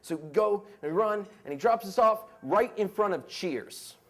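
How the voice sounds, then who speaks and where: A young American man in his twenties telling a story on stage in a casual, animated way, full of "like" and "you know.". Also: high-pitched, normal speed, a little hiss or hum. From United States. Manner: casual, animated, heavy use of "like". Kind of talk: live story slam storytelling. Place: stage before a live audience.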